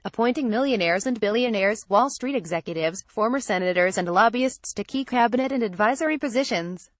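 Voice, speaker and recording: A woman narrates a political commentary piece in a steady, measured reading voice. Her pitch sits in an ordinary middle range. The recording is dry and close, with no room sound. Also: no room sound. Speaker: narrator reading an opinion article. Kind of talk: scripted narration.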